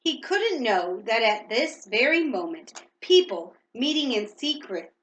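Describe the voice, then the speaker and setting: A woman's voice: a little high, big pitch swings, measured pace, fairly bright tone, roomy sound, poor audio. A woman reading a storybook aloud to a child at home, reading steadily and stopping now and then to ask questions.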